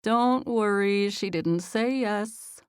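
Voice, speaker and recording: A woman voicing a knowing young woman friend, speaking in a bored monotone. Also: mid-range voice, slow, clean tone, no room sound, clean studio sound, natural voice.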